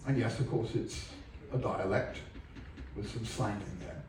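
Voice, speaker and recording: This English lecturer on a ship speaks with a fairly low pitch and a somewhat slow pace, trading in dry, wry jokes for his theatre audience. Heavy background noise and the echo of the big hall, recorded from far off, surround his voice.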